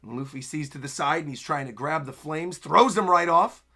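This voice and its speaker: A young man reacting live to a manga chapter, narrating the panels and breaking into excited exclamations. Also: fairly high pitch, normal speed. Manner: narrates panels while reading aloud. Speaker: anime streamer.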